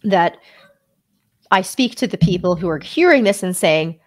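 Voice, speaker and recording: A woman's voice: fairly low pitch, lively intonation, normal speed. A woman hosting an interview, asking engaged, probing questions and affirming her guest often. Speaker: host.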